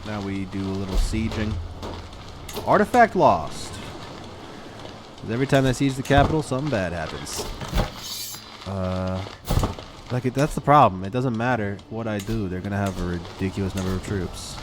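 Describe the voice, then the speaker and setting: A young man casually commenting on his own strategy game, muttering to himself and flaring up to yell at his units. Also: lowish voice, animated, normal speed, pauses often, background noise. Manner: talks to himself, flares up yelling at his units. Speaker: streamer playing a strategy game. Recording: game music underneath. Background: game music.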